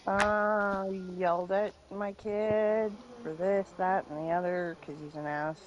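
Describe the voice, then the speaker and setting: A woman joining a game stream for casual chat, with a blunt, dry sense of humor. Her voice sits at an ordinary middle pitch, with a faint hiss of noise under it. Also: steady tone, slow pace, highs cut off. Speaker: guest on stream.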